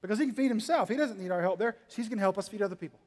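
A man preaching a sermon to his congregation, joking and teasing, swinging between quiet asides and loud emphatic lines. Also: sits high, very fast. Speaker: pastor. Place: church hall. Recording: long hall reverb.

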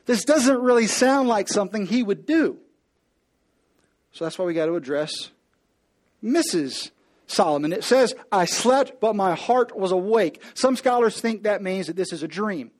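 A preacher man with a high voice tells the story with playful humor. He slips into the characters as he goes and speaks right to the congregation. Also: lively intonation, normal speed. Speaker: pastor. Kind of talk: comedic sermon storytelling.

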